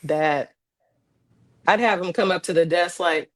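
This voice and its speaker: Animated, low-voiced Ohio woman telling stories. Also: measured pace, no room sound. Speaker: podcast guest, former social worker. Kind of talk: casual storytelling. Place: podcast studio.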